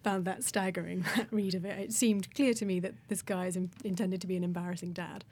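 A woman's voice: fairly low pitch, fairly even intonation, a little fast, a little mellow, a little hiss or hum. A woman, a guest on a podcast, chatting casually and laughing between her sentences. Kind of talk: casual chat.

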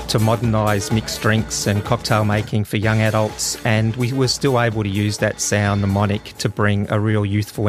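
A man being interviewed as a marketing director, speaking in a measured, businesslike way with hesitant fillers. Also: fairly low pitch.

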